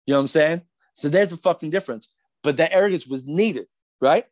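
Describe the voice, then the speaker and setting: A man's voice: on the high side, a little fast, darkish tone, dry recording. A middle-aged man from Philadelphia, a podcast guest ranting in a profane, agitated, rambling way with many restarts. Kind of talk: heated podcast rant.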